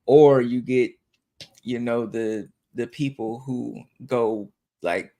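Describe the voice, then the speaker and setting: A man's voice: medium pitch, fairly even intonation, slow, warm tone. A man co-hosting a casual podcast chat, musing in a rambling way with many restarts. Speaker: podcast co-host.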